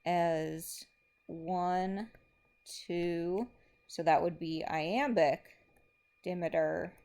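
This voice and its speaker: A woman's voice: lowish voice, drawn-out words, a little mellow. A woman English teacher giving a recorded lesson, methodically explaining step by step while marking a board.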